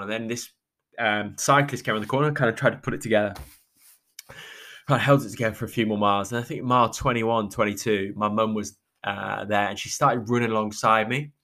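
Male podcast host, low voice, halting reflective monologue that keeps breaking off, near tears. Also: sharp tone. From England. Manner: halting, with many restarts and trailing pauses. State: emotional, close to tears.

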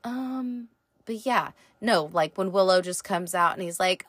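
A woman's voice: mid-range voice, animated, unhurried, no room sound. A woman reviewing a TV show in a casual, rambling chat, full of fillers and the odd swear word.

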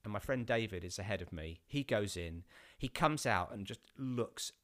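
A man, an actor, telling a casual anecdote with many restarts and animated bursts. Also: lowish voice, moderate pace. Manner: rambling with many restarts, rising to animated outbursts.

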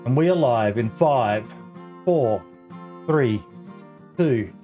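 A man's voice: medium pitch, expressive, takes it slowly, warm tone, soft background music. Give me an Australian man hosting a chatty podcast, blunt and sweary with lots of filler words. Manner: blunt and sweary, with frequent ums and uhs. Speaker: podcast host. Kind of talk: casual podcast chat.

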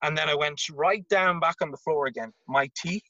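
A former college tennis player from Ireland tells a story in a casual interview, speaking in an Irish accent. He is animated and repeats words as he acts out quotes. His voice is on the high side at a moderate pace, and the recording is dry and dull.

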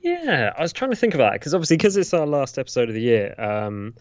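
A man's voice: mid-range voice, sing-song, quick pace, no room sound. A man co-hosting a podcast in casual chat, reflective and thinking aloud, on a slightly muffled recording. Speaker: podcast co-host. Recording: slightly muffled, dull sound.

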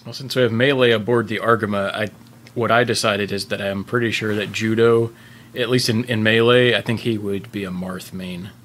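Low-voiced man, dry podcast banter. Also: steady tone, normal speed, fairly bright tone, slight background noise. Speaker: podcast co-host. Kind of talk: casual podcast chat.

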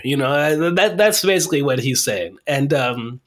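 A man's voice: medium pitch, animated, moderate pace, fairly bright tone. A man hosting a casual soccer podcast, swearing freely, laughing, and stumbling over foreign names. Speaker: podcast host.

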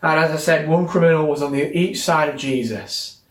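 A man hosting an online church talk, chatty and animated, with joking asides before a devotional message. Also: fairly high pitch, normal speed, echoey room.

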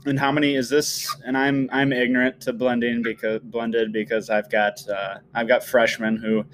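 A man hosting a casual conversation, relaxed, with fillers. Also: mid-range voice, normal speed, low-quality recording. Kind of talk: casual chat.

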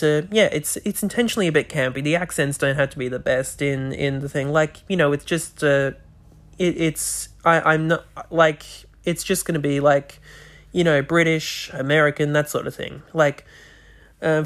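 A podcast host chats casually, rambling and hesitating with many restarts. His voice is a little high with a fairly bright tone.

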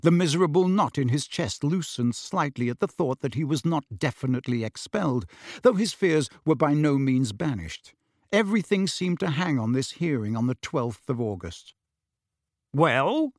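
Expressive male audiobook narrator. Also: a little high, normal speed, dry recording, studio quality. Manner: expressive storytelling. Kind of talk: scripted narration.

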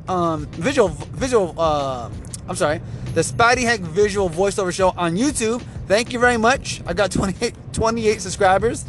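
A man's voice: high-pitched, fairly bright tone, a little hiss or hum. A male podcast host chatting casually and rambling while he drives. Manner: rambling, self-promoting, chatty. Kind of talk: casual chat. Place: car while driving.

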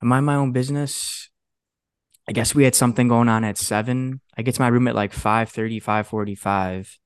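A young man in his twenties, co-hosting a podcast and telling a story in a casual, animated way, swearing often and acting out what others said. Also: mid-range voice, a little fast, clean tone, no room sound, clean studio sound. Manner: animated, swears a lot, acts out quotes. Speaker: podcast co-host.

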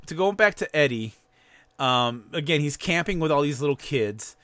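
Animated man hosting a dry-sounding podcast. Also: a little high, moderate pace, clean tone, no room sound. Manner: animated, laughing, swears freely. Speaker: podcast host. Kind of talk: casual chat.

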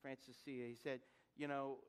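A man's voice: medium pitch, level tone, moderate pace, clean tone. A middle-aged man preaching a sermon, mixing humorous personal stories with rhetorical questions to the congregation and often repeating words as he builds up to a point. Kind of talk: sermon with storytelling.

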